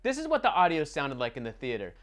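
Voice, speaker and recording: A man delivering a furious, profanity-laced movie review rant. His voice sits a little high and swings wildly up and down as his exasperation builds. He sounds fed up from start to finish. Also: huge pitch swings, fast talker, fairly bright tone. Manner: furious, sweary, exasperated ranting.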